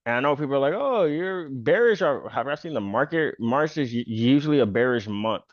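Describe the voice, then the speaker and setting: Casual male trader host, mid-pitched and loose-spoken, dull, dry recording. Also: quick pace, dry recording. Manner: loose, filler-heavy talk with "pretty much" and "bro". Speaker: stock trader and channel host. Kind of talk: casual chart walkthrough.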